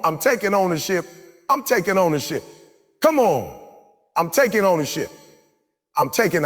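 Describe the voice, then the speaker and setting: A motivational speaker with a fairly high, animated voice preaches live in a large hall, pushing the crowd through repeated call-and-response chants with forceful, repetitive exhortation. A long reverb carries his voice over faint background music.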